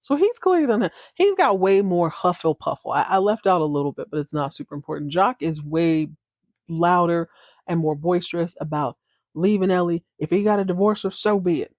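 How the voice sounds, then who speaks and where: A woman's voice: on the low side, animated, brisk, a little mellow, no echo, studio quality. A woman hosting a casual podcast, giving a chatty, playful and dramatic retelling full of asides. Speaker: podcast host.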